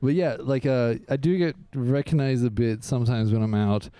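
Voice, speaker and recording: A man with a mid-pitched voice, co-hosting a comedy podcast in casual chat. He mocks himself and laughs at his own jokes, recorded close and dry. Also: normal speed, mellow, smooth, no echo. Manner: self-mocking joker who laughs at his own lines.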